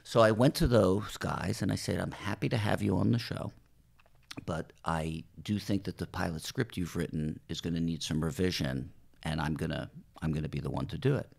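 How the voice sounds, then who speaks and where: A man's voice: sits low, moderate pace, vocal fry, darkish tone. A television showrunner from New Jersey, talking casually in an interview and acting out quoted dialogue as he tells his stories. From New Jersey, USA. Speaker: television writer and showrunner, podcast guest. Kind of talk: conversational interview storytelling.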